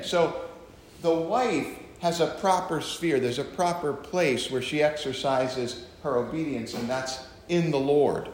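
A man's voice: on the high side, unhurried. A man, a pastor, teaching from the Bible in a conversational way with joking asides to his listeners. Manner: chatty, joking asides to the audience. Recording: very echoey room.

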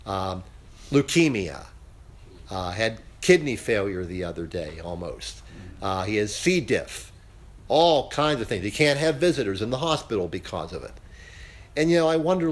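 A man leading a casual Bible study class, speaking haltingly with many filler sounds. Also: lowish voice, sing-song.

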